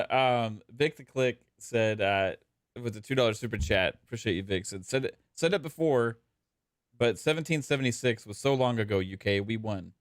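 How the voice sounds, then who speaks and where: A man's voice: mid-range voice, normal speed, no echo. Man, podcast host, loose giggly delivery, dry mic. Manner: laughing, loose, reads viewer comments. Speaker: podcast host reading super chats. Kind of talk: casual gaming podcast chat.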